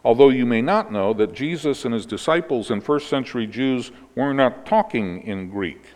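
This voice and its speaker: A man's voice: mid-range voice, lively intonation, normal speed, darkish tone. Man preaching in a reverberant space. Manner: explanatory teaching, ends in prayer. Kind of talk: sermon.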